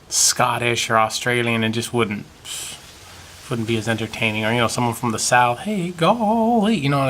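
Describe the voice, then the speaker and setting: A man rambling through a video response in a mid-pitched voice, peppering it with swearing. He drifts off track and breaks into jokey British impressions, with a faint hiss behind him. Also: fairly bright tone. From United States. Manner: profane, rambling rant; slips into mock British voices. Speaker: vlogger.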